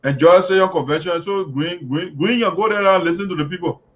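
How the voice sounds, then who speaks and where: A man's voice: sits high, fairly quick. A man hosting an online show, delivering heated political commentary full of mocking, chanting jeers. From Liberia. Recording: dull lo-fi audio.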